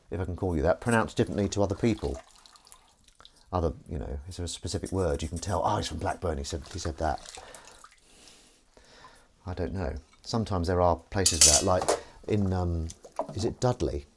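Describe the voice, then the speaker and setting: This livestream host from Northern England has a low-pitched, darkish voice, with slight background noise around him. He's at home in the kitchen doing the washing up, chatting and reading viewer comments in a playful way.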